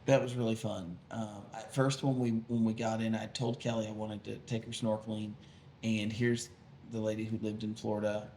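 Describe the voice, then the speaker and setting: A man's voice: on the low side, flat delivery, normal speed, darkish tone. Rambling man in an echoey room. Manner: rambling, many fillers and restarts. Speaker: podcast co-host, pastor. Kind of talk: casual chat. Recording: echoey room with faint noise.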